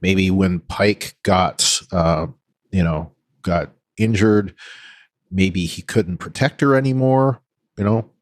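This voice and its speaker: A man hosting a casual podcast chat, talking hesitantly with many "you know"s and pauses. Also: sits low, no echo, clean studio sound. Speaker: podcast host.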